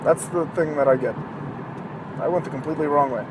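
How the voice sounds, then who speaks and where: Talking fast in a high-ish voice, a man hosts a podcast from his car while driving, delivering a casual, rambling monologue over background noise. He jokes and swears sarcastically as he goes.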